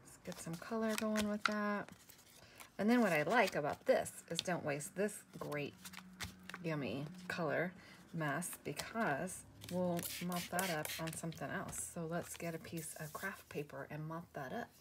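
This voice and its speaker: A woman's voice: lowish voice, unhurried, noisy background. Chatty woman narrating a craft tutorial. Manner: chatty, self-deprecating, many fillers and restarts. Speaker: craft video host.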